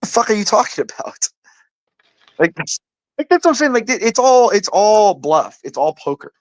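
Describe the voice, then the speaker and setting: A man's voice: high-pitched, big pitch swings, normal speed, no room sound. A man ranting in heated casual talk, profane and rambling, who keeps saying "like" and "dude" and stumbles over restarts when he gets worked up. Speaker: panel host. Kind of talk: heated casual political rant.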